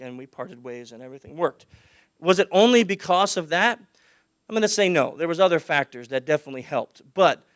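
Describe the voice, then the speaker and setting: A man speaking at a conference with a fairly high, smooth, resonant voice. He projects loudly and dips low and quiet when he tells a story. The sound is close and dry. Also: dry recording. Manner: projects loudly, drops his voice low for anecdotes. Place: conference hall.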